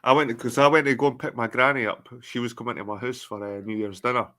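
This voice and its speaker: A Scottish man in his thirties, co-hosting a casual podcast chat, telling lively stories and mimicking people. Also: fast talker. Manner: animated, swearing, mimics people with high voices. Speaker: podcast co-host.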